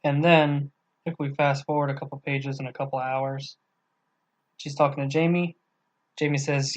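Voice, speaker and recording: A man co-hosts a casual book discussion podcast, talking loosely with some swearing and reading quoted passages aloud. His medium-pitched, level voice is measured with frequent pauses, and the recording is muffled.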